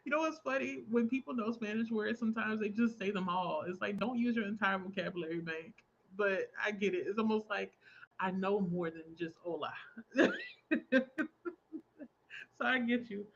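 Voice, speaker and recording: A woman's voice: medium pitch, normal speed, creaky, slight background noise. Talkative young woman, livestream host, easygoing chat between stitches, dull lo-fi mic. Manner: chatty, laughs often, reads out viewer comments. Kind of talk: casual chat while crafting.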